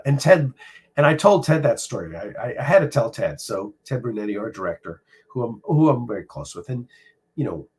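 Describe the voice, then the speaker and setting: A middle-aged man hosting a casual live stream from home, speaking personally and reflectively, halting often with fillers. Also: mid-range voice, a little hiss or hum. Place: home room.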